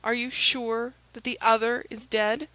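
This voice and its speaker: A woman's voice: a little high, flat delivery, a little slow, pushed and bright, dry recording, rough recording. A woman voicing an agitated young male swordsman in an audiobook, speaking in a raised, pressing way. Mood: confiding.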